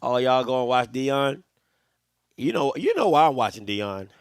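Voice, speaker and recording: A man's voice: mid-range voice, very animated, moderate pace, clear, resonant tone, no echo, clean studio sound. A man hosting a live watch party, reacting to a game in a casual, slangy, trash-talking way.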